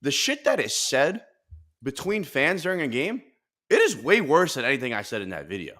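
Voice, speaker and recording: Bright-voiced animated man ranting. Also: medium pitch, moderate pace. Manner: animated, profane, laughing rants. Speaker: podcast host. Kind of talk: casual podcast chat.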